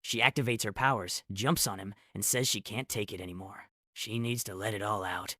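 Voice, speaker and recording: A man recaps a comic story with a sarcastic edge, dropping snarky asides between plot beats. His voice sits a little low but sounds bright and sharp, and it is recorded dry and close. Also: fairly even intonation, fairly quick, no room sound. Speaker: recap narrator. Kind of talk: comedic story recap narration.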